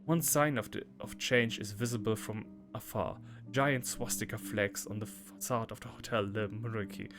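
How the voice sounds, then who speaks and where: A man hosting a let's play, reading game text aloud and breaking into loud, laughing asides. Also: fairly low pitch, normal speed, few pauses. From Germany. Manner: laughs often, bursts into loud playful reactions between calm read-outs. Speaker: gaming channel host. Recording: game music clearly behind the voice.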